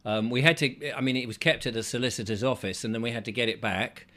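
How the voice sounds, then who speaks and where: A man's voice: mid-range voice, quick pace, a bit bright. A middle-aged man from England hosting a casual online chat, hesitant and rambling with lots of ums. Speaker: host.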